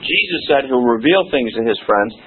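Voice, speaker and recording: A man's voice: medium pitch, expressive, normal speed, husky. A man pastor teaching a Bible study in a conversational way, putting questions to his congregation. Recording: tinny phone-like sound.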